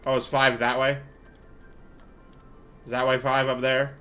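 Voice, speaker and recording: A man's voice: medium pitch, level tone, measured pace, sharp tone, faint music behind. A man hosting a let's-play, chatting casually and thinking aloud as he plays, a little tired and out of breath. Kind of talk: casual gameplay commentary.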